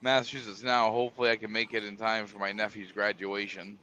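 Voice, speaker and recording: This caller on a livestream has a fairly low voice with flat, fast, pushed and bright delivery. He keeps the casual chat plain and informal, over muffled call audio carrying a faint hiss.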